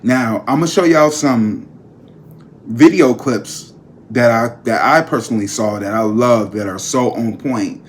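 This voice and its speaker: A man's voice: mid-range voice, unhurried, a little hiss or hum. Male vlogger, talky and emphatic, easygoing chat straight to camera. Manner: chatty, emphatic, addresses viewers as a group. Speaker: tarot reader and vlog host.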